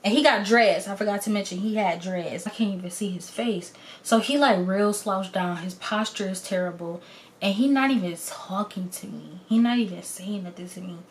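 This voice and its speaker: A young adult woman telling a story in a casual, blunt and animated way, acting out the lines of the people in it. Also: mid-range voice, moderate pace, slight background noise. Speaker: vlogger.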